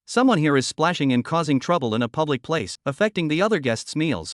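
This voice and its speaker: A self-assured young man gives cool, clipped orders , as a male narrator reads him. His voice sits a little high and close in a dry space. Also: big pitch swings, a little fast, no echo. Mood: cold. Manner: cold, commanding. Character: calm confident young man, protective.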